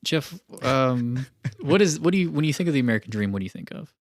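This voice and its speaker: A man co-hosting a film podcast in a mid-pitched voice, rambling and restarting as he works out his opinions. He laughs easily between thoughts. The sound is dry and close. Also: sing-song, quick pace, no echo. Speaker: podcast co-host. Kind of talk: casual film discussion.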